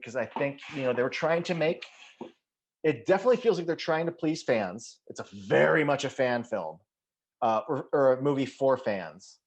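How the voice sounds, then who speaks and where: With a medium-pitched voice at a normal speed, he sounds animated as he co-hosts a casual movie podcast. Restarts, fillers and casual swearing run all through his meandering thoughts.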